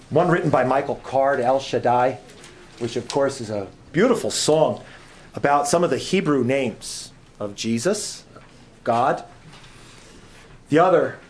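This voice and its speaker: A man giving an informal sermon as a guest preacher in a church, chatty and joking, often repeating his phrases. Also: mid-range voice.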